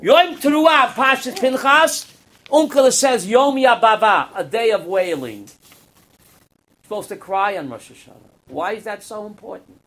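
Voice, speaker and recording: A man's voice: sits high, measured pace, a bit bright. A man giving a Torah class as a rabbi, quizzing his students and acting out parables.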